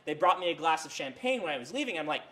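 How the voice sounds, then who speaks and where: Male lecturer, casual classroom talk, slightly raised pitch, filler-heavy rambling delivery. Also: sing-song, racing, bright, forceful tone. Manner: rambling, many fillers and self-corrections. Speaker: university creative writing lecturer. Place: university lecture room.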